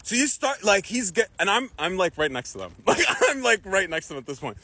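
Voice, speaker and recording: A young man tells a comic story on stage with a husky, fairly high voice. His pitch leaps around as he acts out the people in the story, and he keeps breaking into laughter. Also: brisk, no room sound. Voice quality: husky, animated, laughs often. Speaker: comedian. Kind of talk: stand-up storytelling.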